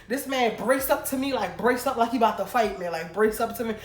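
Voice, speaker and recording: A woman's voice: a little high, brisk. Chatty young woman telling a storytime. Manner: animated, chatty, addresses viewers directly. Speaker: vlogger. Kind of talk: casual storytime. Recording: roomy room with faint background noise.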